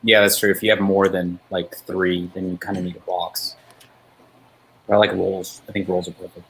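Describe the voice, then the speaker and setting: A man's voice: low voice, little pitch movement, moderate pace, creaky, a bit bright, a little hiss or hum, poor audio. A man in casual chat as a guest, laid-back and easygoing.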